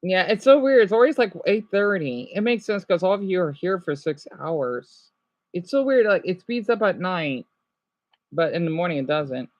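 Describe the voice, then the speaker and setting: Woman streamer, animated and excitable, chatting to viewers; dull, dry home recording. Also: lowish voice, moderate pace, no echo. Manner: excitable, exclaims at surprises; reads out practice words while chatting to viewers. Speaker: livestreamer. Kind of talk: casual livestream chat. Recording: dull lo-fi sound.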